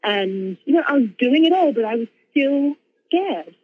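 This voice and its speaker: A woman author and speaker telling a personal story in casual conversation, animated, with lots of fillers and laughs. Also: high voice, normal speed, phone-quality sound.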